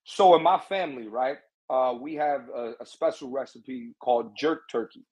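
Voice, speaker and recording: Man, podcast guest, halting, husky voice. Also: mid-range voice, darkish tone. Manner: halting, repeats words. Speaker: comedian guest. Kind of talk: casual comedic banter.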